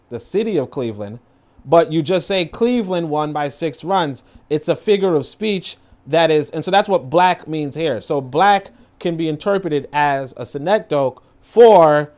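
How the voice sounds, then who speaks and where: A man's voice: a little high, darkish tone. A man commenting casually on a clip, rambling with many fillers. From New York. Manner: rambling, filler-heavy, acts out quoted voices.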